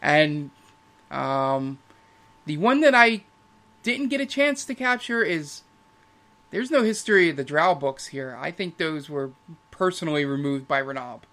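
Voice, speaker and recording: A man's voice: fairly high pitch, expressive, a little slow, bright, forceful tone. A man running a tabletop game as game master, talking casually with plenty of fillers. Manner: casual, rambling with many fillers.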